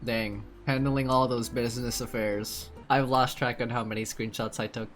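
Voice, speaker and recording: A streamer giving excitable, gushing commentary on a game playthrough, laughing often. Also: mid-range voice, moderate pace, soft background music.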